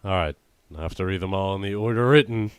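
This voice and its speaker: A man's voice: sits low, quick pace, clean tone, dry recording, studio quality. A man running a quiz game on a casual comedy podcast, teasing his co-host and playing mock-stern. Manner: teasing, theatrical, swings from mock-stern to shouting. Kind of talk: casual banter.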